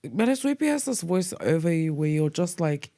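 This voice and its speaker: A woman, co-hosting a podcast, telling school stories in a casual, lively way, acting out quoted voices and mixing in Tongan words. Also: low voice, normal speed. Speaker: podcast co-host. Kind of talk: casual storytelling chat.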